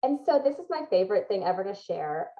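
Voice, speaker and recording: A woman's voice: mid-range voice, sing-song, fast talker, lo-fi sound. A woman guest in a podcast interview giving advice in an upbeat, emphatic way, with frequent laughs.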